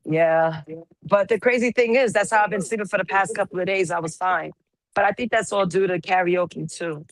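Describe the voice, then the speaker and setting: A woman with a slightly hoarse voice chats on a call-in panel, telling stories and teasing the others in a playful way. Her voice sits at an ordinary pitch and sounds dry and close to the mic. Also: normal speed, dry recording. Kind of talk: casual chat.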